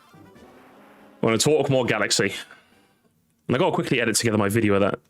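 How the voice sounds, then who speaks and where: A man's voice: lowish voice, brisk, faint music behind. A man in his thirties casually chatting and bantering with a friend on a live stream, teasing and swearing now and then.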